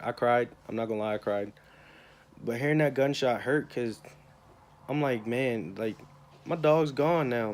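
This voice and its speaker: A man's voice: medium pitch, darkish tone. A young man talks in a rambling, emotional way in a casual personal vlog. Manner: rambling, emotional, repeats himself. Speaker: vlogger.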